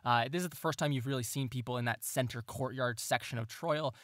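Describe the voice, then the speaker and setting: A man running a tabletop game as game master, narrating scenes with relaxed pacing, frequent fillers and restarts. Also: mid-range voice, a little fast, no echo, clean studio sound.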